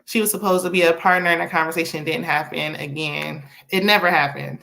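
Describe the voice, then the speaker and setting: A young woman, casually recapping a movie with laughs and quick asides. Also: sits low, gravelly. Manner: chatty, animated retelling with laughs and acted-out quotes. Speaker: movie review host.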